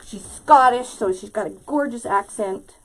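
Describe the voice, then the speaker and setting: Woman craft host, slightly high voice, chatty and quick to laugh while talking to viewers. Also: poor audio. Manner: chatty, laughs often, talks to viewers directly. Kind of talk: chatty live craft tutorial.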